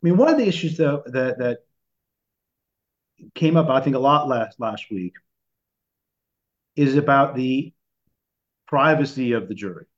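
A man's voice: mid-range voice, expressive, measured pace, pauses often. A man co-hosting a podcast discussion, talking in a hesitant way with many restarts and fillers. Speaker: podcast co-host. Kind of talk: conversational discussion. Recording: dull lo-fi recording.

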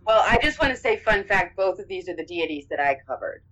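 A woman's voice: medium pitch, expressive, a little fast, fairly bright tone, low-quality recording. A woman from Massachusetts chatting casually, tossing in dry, wry quips. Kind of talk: casual chat.

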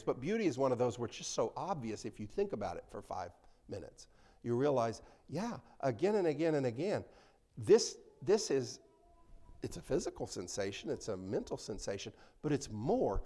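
A man preaching a conversational sermon to a congregation in a church, swinging between loud emphasis and soft asides. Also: mid-range voice.

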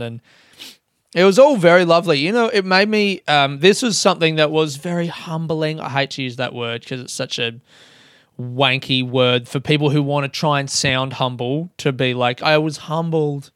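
A man's voice: mid-range voice, moderate pace, a bit bright, smooth, no room sound, studio quality. A young Australian man hosting a podcast, casually telling a story, swearing and mocking himself, laughing often. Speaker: podcast host.

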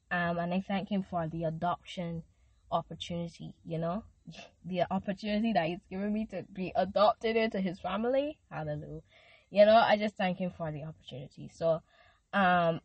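A woman's voice: on the low side, a little mellow, no echo. Young woman, heartfelt Christian podcast host who leads prayers, close dry sound. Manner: earnest, emotional, leads prayers and chants. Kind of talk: devotional podcast talk with prayer.

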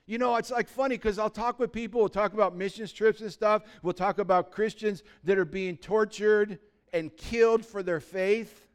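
A man's voice: high-pitched, moderate pace, few pauses, clean tone. A man preaching a sermon as pastor, blunt and urgent, asking the listeners rhetorical questions.

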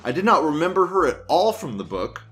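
Lively, crude, rambling male show host. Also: a little high, a little fast, soft background music. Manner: crude, rambling, laughs often. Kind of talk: casual ranting commentary.

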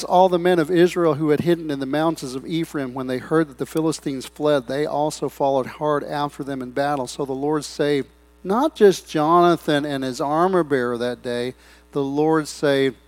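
A middle-aged man preaching a sermon in a church, breaking into loud swells and rambling asides. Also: on the high side, normal speed. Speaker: pastor. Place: church sanctuary.

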